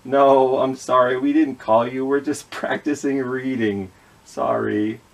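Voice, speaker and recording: A man's voice: medium pitch, level tone, a little slow, creaky. A man leading a children's reading skit with puppets, patiently sounding out letters and words. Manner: gently apologetic with the puppets. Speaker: children's librarian.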